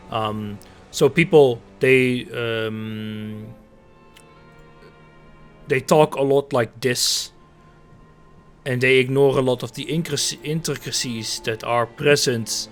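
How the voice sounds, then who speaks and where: A man with a Dutch accent, a native Dutch speaker, chatting casually on a live stream in rambling talk full of fillers and restarts. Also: mid-range voice. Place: home streaming setup.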